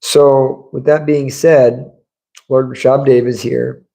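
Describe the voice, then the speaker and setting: A man's voice: mid-range voice, flat delivery, slow pace, creaky, dark tone, poor audio. A man giving a scripture class in a temple, telling stories in a casual conversational way. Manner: conversational storytelling, acts out quotes. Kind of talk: sermon. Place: temple room.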